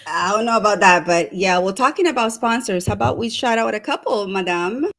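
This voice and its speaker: A woman co-hosting a talk show, chatting casually and upbeat as she gives many shout-outs. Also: medium pitch, fairly quick. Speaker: co-host. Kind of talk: casual chat.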